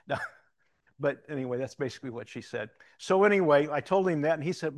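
A man's voice: on the high side, lively intonation, brisk. Rambling older man preaching. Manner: rambling, conversational, with self-interrupting restarts. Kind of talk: informal sermon with personal stories.

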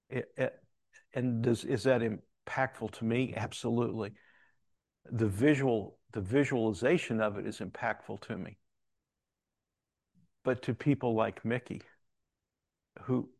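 A man's voice: mid-range voice, gravelly, a little mellow, no room sound. A man telling a personal story in a conversational, rambling way, with restarts and quoted dialogue. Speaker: Christian speaker telling a story.

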